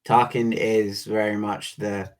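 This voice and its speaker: A man with a somewhat low voice co-hosts a casual podcast chat. He talks in a relaxed way and slips quoted film lines into the conversation. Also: slow pace. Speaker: podcast co-host.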